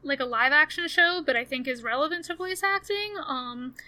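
A woman with a high, bright voice talking casually with friends. She circles through her points with plenty of fillers. Her delivery stays conversational throughout. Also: expressive, normal speed. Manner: chatty, many fillers. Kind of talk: casual chat.

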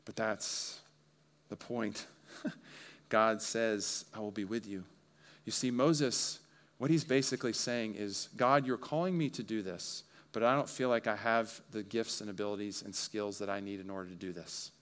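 A man's voice: fairly low pitch, a little slow, a bit bright. A man preaching a sermon, walking through a Bible passage verse by verse with earnest explanation and everyday examples. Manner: earnest expository preaching with relatable asides. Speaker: pastor.

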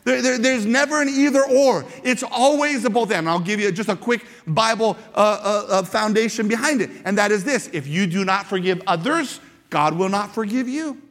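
High-voiced pastor preaching in a reverberant hall. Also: male voice, moderate pace, hardly any pauses. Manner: animated, repeats words, acts out quoted shouts. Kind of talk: sermon. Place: church sanctuary with congregation. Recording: long reverb of a large hall.

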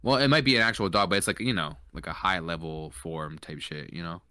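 Young male co-host, lowish bright voice, crisp and clear, loose slangy delivery. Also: a little fast, no room sound, studio quality. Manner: slangy, loose, filler-heavy talk. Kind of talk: casual chat.

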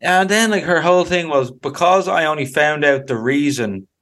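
A man's voice: fairly high pitch, normal speed, fairly bright tone. A man co-hosting a podcast, telling a story in casual chat with lots of fillers. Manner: chatty storytelling, many fillers. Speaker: podcast co-host.

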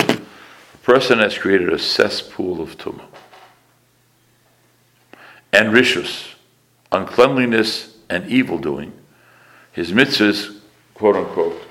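A man teaches a class as a rabbi, his voice low and gravelly, with pronunciation. He explains Hebrew phrases, repeats key words and asks the class questions. The room adds a clear echo. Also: a bit bright. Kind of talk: Torah class lecture.

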